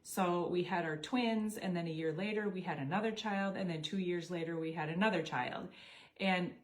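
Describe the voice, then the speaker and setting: This is a middle-aged woman with a lowish voice, talking at a moderate pace as she casually tells a personal story. A network marketing storyteller, she is animated and acts out the dialogue in quoted voices.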